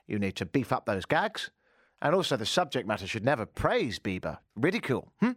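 A man hosts a late talk radio show in a casual, self-mocking way. His voice moves lively up and down in pitch. The studio sound is dry and close. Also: a little fast, no echo. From England. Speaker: radio host. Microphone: studio mic.

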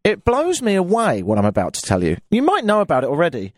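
A man's voice: huge pitch swings, quick pace, dry recording, clean studio sound. A man with a London accent hosting a radio talk show, chatting in a self-mocking, rambling way. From England. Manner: chatty, self-mocking, with playful pitch swings. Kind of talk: casual radio monologue. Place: radio studio. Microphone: studio microphone.

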